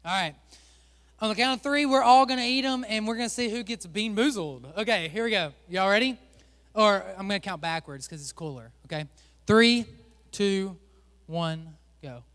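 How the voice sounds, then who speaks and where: A man with a high voice leads a lighthearted sermon from a church stage. He jokes and teases the people up front with him, in a chatty, upbeat way. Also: moderate pace, a bit bright, big-room sound. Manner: joking, chatty, teasing the volunteers. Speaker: pastor. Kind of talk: playful sermon with a stage game.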